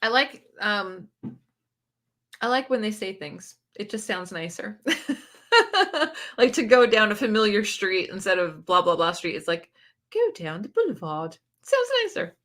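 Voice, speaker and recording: A woman with a bright, forceful voice hosting a relaxed livestream. She chats loosely, laughs a lot and answers viewer comments as they come in. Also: mid-range voice, measured pace, pauses often. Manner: chatty, laughs often, reads viewer comments aloud. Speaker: book channel host. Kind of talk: casual livestream chat.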